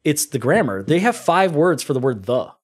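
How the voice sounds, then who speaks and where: Casual storytelling man, slightly high voice. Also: normal speed, breathy edge. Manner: animated storytelling, puts on mock German voices. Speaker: podcast guest. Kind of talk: casual chat.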